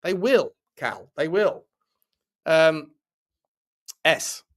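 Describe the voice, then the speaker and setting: Host type: man, slightly higher voice, opinionated and rambling, reading viewer comments on a casual football stream. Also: expressive, very slow, a bit bright. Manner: chatty, opinionated, rambling with restarts. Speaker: football channel host reading live chat. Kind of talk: casual live-stream chat.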